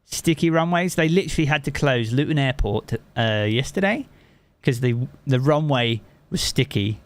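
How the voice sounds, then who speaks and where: A man's voice: medium pitch, lively intonation, normal speed, no echo. A man from England with a Southern English accent, a game streamer chatting casually with his live chat and swearing freely.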